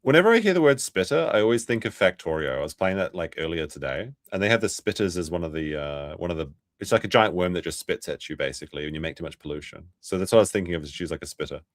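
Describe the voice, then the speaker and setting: A man's voice: sits low, animated, fast talker, few pauses, no room sound. A man hosting a late-night stream, reacting to a clip with offhand joking commentary. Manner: joking, offhand, muttering asides.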